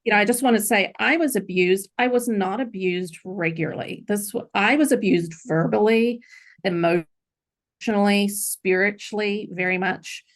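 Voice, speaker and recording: A woman's voice: medium pitch, normal speed. A middle-aged woman, a podcast guest, earnestly recounting a personal story in an interview.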